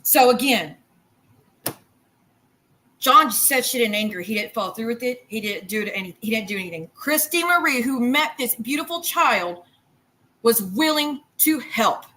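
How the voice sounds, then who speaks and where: A woman's voice: a little high, lively intonation, moderate pace, bright, forceful tone, a little hiss or hum, rough recording. Heated, cursing woman ranting on stream. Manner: heated, profane, rambling and repetitive. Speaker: livestreamer. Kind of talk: angry livestream rant. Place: home kitchen while cooking.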